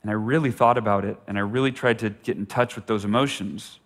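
A man's voice: fairly low pitch, fairly even intonation, fast talker, fairly bright tone. A middle-aged man telling a personal story as a motivational speaker, earnest and often repeating words for emphasis. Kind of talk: storytelling talk.

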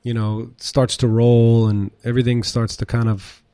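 Chatty chef telling stories, dry sound. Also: male voice, medium pitch, normal speed, clear, resonant tone, no room sound. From United States. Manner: rambling, animated, swears, many fillers. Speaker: chef and restaurant owner, guest. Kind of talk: casual storytelling interview.

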